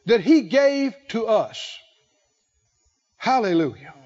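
A male pastor preaching a sermon, emphatic, with drawn-out phrasing and call-and-response. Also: extremely high pitch, animated, darkish tone, muffled recording.

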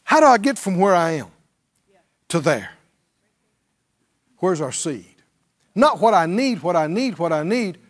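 A man's voice: sits high, very animated, unhurried, long pauses. A male pastor preaching a sermon, drawing on the congregation and mimicking pleading prayers.

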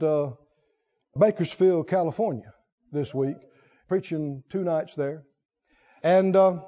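A man with a strikingly high voice preaches to his congregation in a dull, lo-fi church recording. He tells his story in a folksy, rambling way and keeps building up to shouts of excitement. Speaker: pastor. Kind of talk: sermon. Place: church sanctuary.

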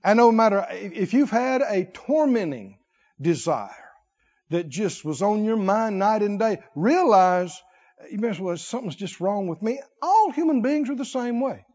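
A man preaching a sermon, animated, with call-and-response and comic asides. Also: high voice, unhurried, in a large hall, dull audio.

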